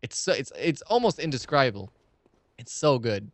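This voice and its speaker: Playing a game on stream, this young man from the United States rambles through casual commentary, ranting excitably and cursing freely. He speaks at normal speed in a medium-pitched voice.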